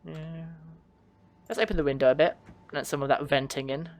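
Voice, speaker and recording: Man, game streamer, casual chat, fairly high voice, easy laughter. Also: steady tone, brisk. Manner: chatty, answers chat, laughs often. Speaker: streamer playing a train simulator. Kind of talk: casual livestream commentary.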